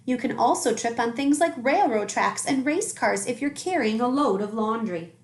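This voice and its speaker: Expressive teacher reading to children. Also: female voice, on the high side, normal speed, echoey room. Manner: warm, expressive storytelling. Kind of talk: reading a picture book aloud to children.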